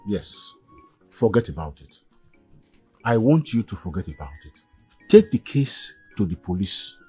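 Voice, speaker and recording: Husky, concerned father, lively and emphatic. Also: fairly low pitch, a little slow, no echo, faint music behind, heavily acted. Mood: advising. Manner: advising, emphatic. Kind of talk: Nollywood film acting.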